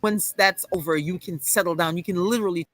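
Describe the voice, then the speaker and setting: A woman's voice: lowish voice, fairly quick, no echo, rough recording. A woman guest on a talk show giving earnest, coaching advice in a conversational way. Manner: earnest, coaching, talks to herself in quoted self-talk.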